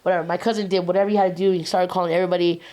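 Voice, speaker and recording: A woman's voice: on the low side, flat delivery, racing, warm tone. A woman, telling a personal story as a guest in a casual, streetwise way with slang and swearing.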